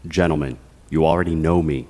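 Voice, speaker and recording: A man's voice: very deep voice, fairly even intonation, brisk, warm tone. An actor playing a coldly smug, scheming male foreman who is also a doctor, speaking in a silky, condescending, menacing way. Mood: dry. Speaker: villain.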